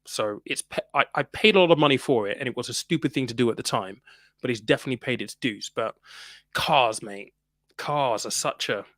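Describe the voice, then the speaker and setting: A man talks through money questions in a relaxed, chatty way. He laughs often, restarts his sentences, and calls people "mate." The sound is dry and close, with a mid-range voice. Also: medium pitch, brisk, no echo. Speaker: personal finance host reading viewer comments. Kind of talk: casual live-stream chat.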